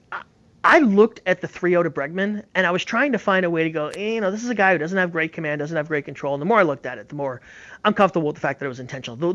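A man's voice: on the high side, a bit bright, no room sound, dull audio. A man giving emphatic, opinionated baseball analysis in casual sports talk, often repeating words as he talks.

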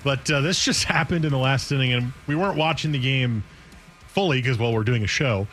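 A man's voice: medium pitch, brisk, faint music behind. A man in his thirties co-hosting a sports radio show, telling stories with laughs and acted-out quotes. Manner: animated storytelling, acts out quotes with laughs. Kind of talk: casual sports radio banter.

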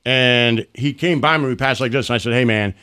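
A man's voice: medium pitch, brisk, clear, resonant tone. Middle-aged male podcast host, salty storyteller with a mid-range voice. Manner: profane, animated storyteller acting out quotes. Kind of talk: casual storytelling chat.

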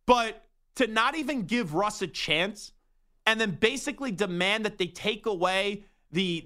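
A man's voice: high-pitched, bright, forceful tone. A young man hosting sports radio, ranting with emphatic rhetorical questions. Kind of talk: opinionated sports talk monologue.

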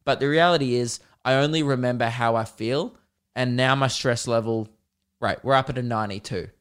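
A man's voice: medium pitch, brisk, fairly bright tone, smooth. A man hosting a podcast alone, telling an exasperated and sarcastic story in a casual rant. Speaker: podcast host.

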